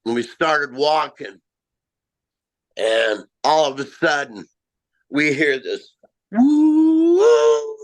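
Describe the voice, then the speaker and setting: A middle-aged man telling a first-person story of a strange encounter, halting and self-mocking, with frequent restarts. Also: mid-range voice, a bit bright, poor audio. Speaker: amateur Bigfoot researcher.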